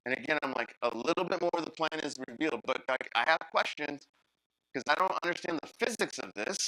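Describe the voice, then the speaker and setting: Bright-voiced male pastor preaching. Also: fairly high pitch, dry recording, low-quality recording. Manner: animated storytelling, acts out Bible characters in voices; talks to the congregation directly. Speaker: guest teaching pastor. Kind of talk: sermon.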